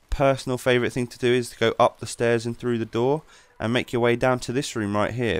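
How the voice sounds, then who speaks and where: A man giving relaxed, rambling commentary over his gameplay as the channel's host. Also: medium pitch, smooth, dry recording, studio quality.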